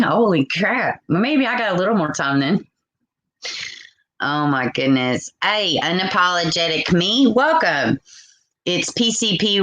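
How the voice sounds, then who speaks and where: A woman's voice: deep voice, fairly bright tone, poor audio. A woman in her forties hosting a live call-in stream, blunt and outspoken as she reads viewer comments aloud. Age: 40s. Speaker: livestream host.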